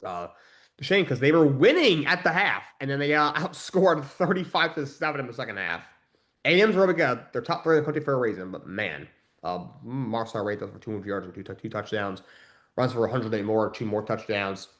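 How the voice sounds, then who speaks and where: A man's voice: medium pitch, expressive, fairly quick, fairly bright tone. A man hosting a sports podcast, recapping games in casual talk, rambling with fillers and restarts and giving blunt opinions.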